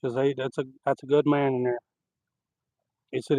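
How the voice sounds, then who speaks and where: A man telling rambling, animated stories on a live stream, outdoors at night. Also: mid-range voice, moderate pace, dry recording, dull audio. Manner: rambling, animated anecdotes with laughter. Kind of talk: casual outdoor storytelling.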